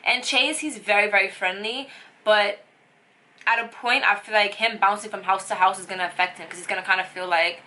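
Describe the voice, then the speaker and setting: A woman's voice: medium pitch, fairly even intonation, normal speed, bright, forceful tone. A young woman telling a personal story on her vlog, emotional and rambling with lots of fillers. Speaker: vlogger.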